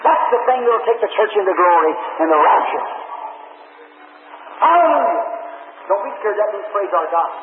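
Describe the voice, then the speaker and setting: A man preaching a sermon, telling a story in a folksy way and rising to excited shouts. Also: high voice, brisk, hardly any pauses, roomy sound, noisy background. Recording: tinny, distant old archive tape.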